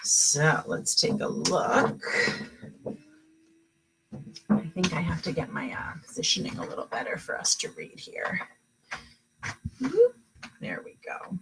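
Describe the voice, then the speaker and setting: Expressive woman reading a picture book. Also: on the low side, vocal fry, slight background noise, rough recording. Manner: expressive storybook reading, pausing to explain to children. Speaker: kindergarten teacher. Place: at home.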